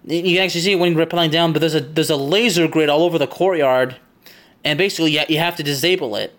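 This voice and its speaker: Chatty man with a slightly high voice. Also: fast talker, a bit bright. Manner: rambling, chatty, laughs often. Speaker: podcast host. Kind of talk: casual game recap from memory.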